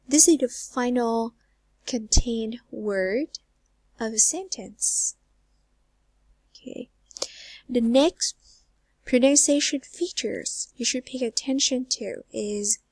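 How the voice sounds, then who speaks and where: A young woman teaching English pronunciation, repeating example phrases slowly and carefully. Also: fairly high pitch, a little mellow, no room sound. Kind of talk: slow, careful pronunciation lesson.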